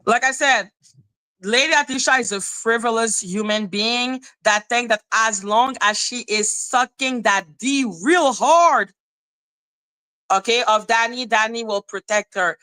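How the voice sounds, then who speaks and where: A woman's voice: a little high, measured pace, sharp tone, low-quality recording. A woman hosting a commentary livestream, ranting in a profane, sarcastic and scornful way. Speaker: commentary channel host. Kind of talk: livestream rant.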